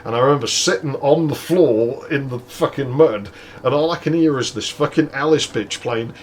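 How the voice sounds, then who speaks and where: A man's voice: mid-range voice, moderate pace, slight background noise. A man hosting a let's play, telling a story casually with lots of swearing and laughter. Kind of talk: casual gameplay commentary and storytelling.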